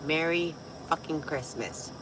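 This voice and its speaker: A young woman with a raspy voice, tipsy and chatting casually on a livestream, loose, giggly and swearing. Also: low voice, a little slow, background noise. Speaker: vlogger.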